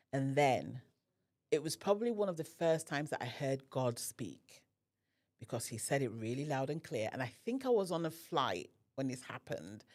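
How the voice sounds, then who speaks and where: A woman with a rumbling low voice, speaking at a moderate pace, guests on a podcast. She tells a personal story with animation, acting out the dialogue.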